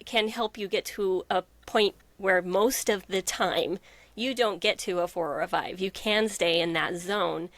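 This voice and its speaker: A woman hosting a relaxed interview, her voice recorded dry with no room sound. She speaks at a medium pitch, thoughtfully sharing her own experience. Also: unhurried, dry recording. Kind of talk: casual interview conversation.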